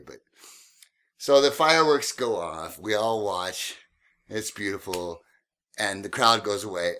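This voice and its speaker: A man with a low but bright, forceful voice tells cab stories casually. He laughs often and swears freely, animated and chatty. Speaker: host, taxi driver. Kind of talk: casual podcast storytelling.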